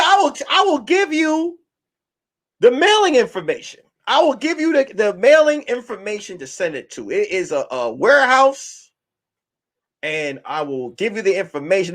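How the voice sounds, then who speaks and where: A man, a comedian, chatting casually to his viewers in a loose, animated way, slipping into song and mock voices. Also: high-pitched, a little fast. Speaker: comedian and vlogger. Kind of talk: casual vlog chat.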